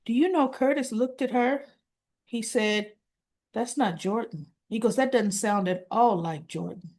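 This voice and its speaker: Woman, soap recap host, casual chat, slightly high voice, acts out the quoted lines. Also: a little slow. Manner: animated retelling, acting out quoted lines.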